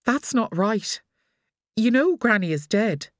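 A woman's voice: medium pitch, very animated, takes it slowly, no echo, studio quality, voice pushed up. A woman voicing an anxious young mother. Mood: worried. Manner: firm, worried.

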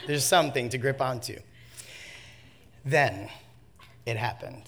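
Animated, bright-voiced male preacher. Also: medium pitch, a little slow, vocal fry. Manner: animated storyteller, swings from hushed to shouting, laughs at himself. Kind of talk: sermon with a comic personal story.

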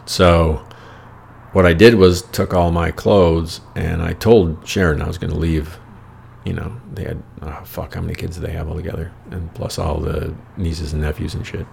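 American male storyteller, very low and heavily gravelly voice, rambling and profane, wry casual delivery. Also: little pitch movement, normal speed, darkish tone, a little hiss or hum. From United States. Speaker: storyteller host.

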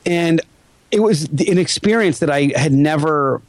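A man's voice: a little high, moderate pace, no echo. A man in his forties hosting a podcast, telling a story in casual chat and acting out the voices of people in it. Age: 40s. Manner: animated, acts out quoted voices. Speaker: podcast host.

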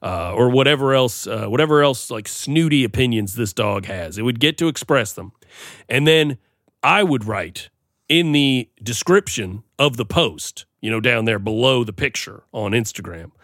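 Bright-voiced rambling male podcast co-host. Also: medium pitch, expressive, moderate pace, no echo, clean studio sound. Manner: rambling, playful, self-deprecating. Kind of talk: casual comedic chat.

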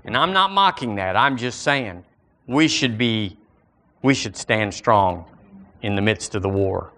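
A man's voice: fairly low pitch, animated, a little slow, fairly bright tone. A middle-aged man with a Southern US accent, preaching a sermon as pastor in a folksy way and lifting his voice for scripture. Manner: folksy, rising into emphatic scripture reading.

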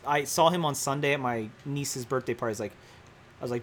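A man's voice: mid-range voice, quick pace, a little hiss or hum. A man on a podcast, telling loose, profane stories in casual banter with friends. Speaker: podcast co-host.

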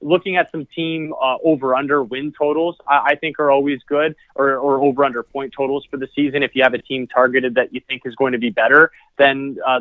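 A man's voice: mid-range voice, dry recording, phone-quality sound. A man chatting casually as a podcast guest, rambling and repeating words as he thinks. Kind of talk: casual chat.

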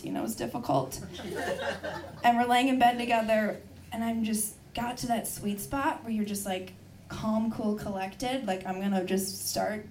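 A woman's voice: mid-range voice, a little mellow, reverberant, far from the mic, a little hiss or hum. A woman doing a stand-up set on a club stage, brash and profane, laughing at her own jokes. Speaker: stand-up comedian.

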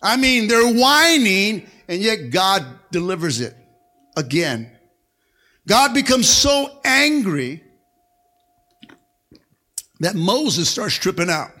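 A male pastor preaching a sermon to a congregation, fervent and rousing, with frequent calls of amen and come on. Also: high voice. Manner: fervent preaching with call-and-response, punctuated by shouted amens. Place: church service before a congregation.

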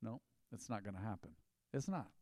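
A man's voice: fairly low pitch, animated, brisk, mellow, dry recording, studio quality. A man preaching a sermon as pastor, in an emphatic, conversational style with rising bursts.

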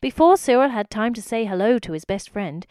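A woman's voice: a little high, animated, fairly quick, a little mellow, clear, resonant tone, no echo, studio quality. A woman reading a children's story aloud expressively, speaking directly to the listener.

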